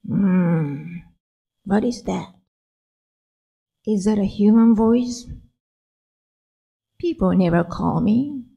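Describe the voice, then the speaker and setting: A woman voicing a lonely, sad, feared male dragon in a low, hushed way. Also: very slow, vocal fry, pauses often, husky, lo-fi sound, exaggerated voice. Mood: puzzled, sad.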